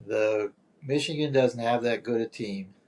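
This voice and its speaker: A man's voice: medium pitch, a little slow, a little mellow. An older man as the guest in a casual chat, speaking tersely and dryly and making his points through questions. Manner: terse, dry, leads with questions.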